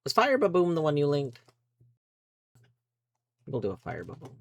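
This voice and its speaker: With huge pitch swings and a moderate pace, a mid-range-voiced streamer chats through a live gameplay session. Each move is narrated, and things going wrong bring sudden yelps.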